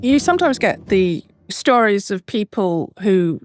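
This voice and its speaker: A woman hosting a podcast, asking measured, thoughtful interview questions. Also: mid-range voice, lively intonation, music in the background. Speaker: podcast host.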